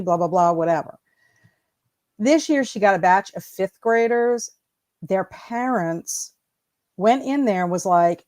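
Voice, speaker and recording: A woman in her fifties tells stories on a video call, at a middling pitch. She is an animated storyteller who laughs easily and acts out the exchanges she describes. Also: measured pace. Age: 50s. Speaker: school proctor and educator. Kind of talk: casual video call chat.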